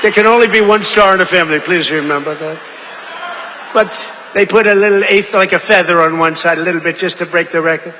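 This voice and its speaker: A man's voice: sits high, fairly quick, bright, forceful tone, slight background noise. Rambling man speaking at a rally. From United States. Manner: repetitive, digressive, acts out quoted voices. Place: large rally venue. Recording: echoey amplified rally hall.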